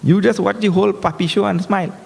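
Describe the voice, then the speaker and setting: A man giving a humorous, animated scripture discourse as a spiritual teacher, breaking into chanted verses. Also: high-pitched, quick pace, creaky, slight background noise. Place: large hall. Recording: echoey hall.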